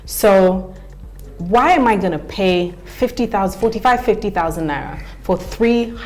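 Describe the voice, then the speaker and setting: A woman's voice: medium pitch, unhurried, faint music behind. A woman with a British London accent, a TV host and actress chatting frankly as a guest. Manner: frank, animated storyteller. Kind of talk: casual chat.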